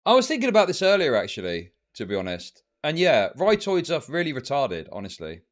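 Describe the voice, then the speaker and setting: Animated, heated male streamer ranting. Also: fairly high pitch, a little fast. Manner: heated, profane ranting at chat. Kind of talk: livestream commentary.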